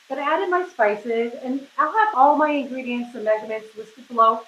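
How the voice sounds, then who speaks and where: A woman's voice: fairly high pitch, moderate pace, hardly any pauses, fairly bright tone, echoey room, slight background noise, rough recording. A middle-aged woman from New England hosting a casual cooking demonstration, chatty and upbeat, often checking in with "right?". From New England, USA. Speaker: cooking show host. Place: home kitchen.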